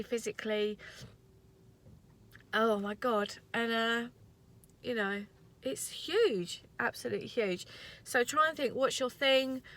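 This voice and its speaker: A woman's voice: medium pitch, pushed and bright. A woman in her thirties recording an earnest, rambling motivational vlog from her parked car. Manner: earnest, rambling, tearful at times. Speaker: vlogger.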